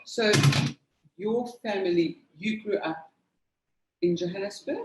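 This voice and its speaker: A woman's voice: mid-range voice, measured pace. A woman interviewer who encourages her guest and asks short questions. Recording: echoey room with noise.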